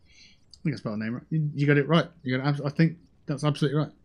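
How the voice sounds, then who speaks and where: A man's voice: fairly high pitch, rapid-fire. A man chatting casually on a gaming livestream, joking and swearing at opponents while he plays and talking into a headset mic. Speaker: streamer playing a shooter game.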